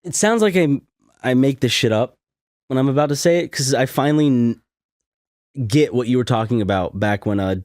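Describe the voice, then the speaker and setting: A man's voice: brisk, dry recording, clean studio sound. A young man co-hosting a casual chat, telling a story with lots of laughs and acted-out quotes. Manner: animated, laughs often, acts out quotes in a high voice. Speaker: podcast co-host.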